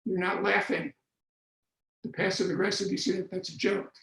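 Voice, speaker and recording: Brief: older male lecturer, high voice, wry and explanatory, echoey room. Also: flat delivery, normal speed, creaky, fairly bright tone. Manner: wry, explanatory, with dry jokes. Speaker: Bible scholar lecturer. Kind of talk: online lecture. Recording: roomy echo.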